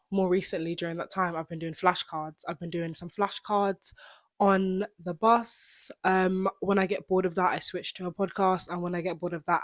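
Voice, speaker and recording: A woman's voice: fairly low pitch, dry recording. A young woman, a student, chatting expressively to camera about learning languages, full of "like" and asides. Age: young adult. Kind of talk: casual vlog talk to camera.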